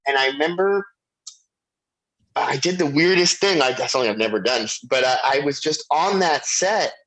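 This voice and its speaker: Middle-aged guy spinning a story, slightly high voice, does little voices for everyone. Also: normal speed, low-quality recording. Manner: animated storyteller, acts out quoted voices. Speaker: guest actor. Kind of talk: anecdotal storytelling.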